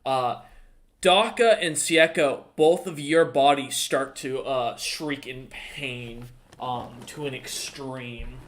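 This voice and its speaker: A man's voice: mid-range voice, fairly bright tone. A man running an online tabletop game as dungeon master, talking casually with lots of ums and uhs and the odd curse. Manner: casual, profane, halting with many ums and uhs.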